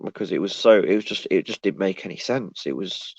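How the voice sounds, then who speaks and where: A low-voiced man rambles through a casual live-stream monologue, often breaking off and restarting sentences. The sound is dry and a bit dull, like a lo-fi home setup. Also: brisk, darkish tone, slightly rough, dry recording. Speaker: live streamer answering chat.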